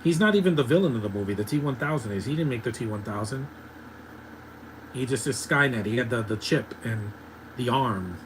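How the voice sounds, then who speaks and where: A man's voice: medium pitch, expressive, fairly quick, slight background noise, poor audio. Ranting man in his thirties. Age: 30s. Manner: ranting, opinionated, laughs often. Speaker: movie commentary host. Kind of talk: live movie watch-along commentary.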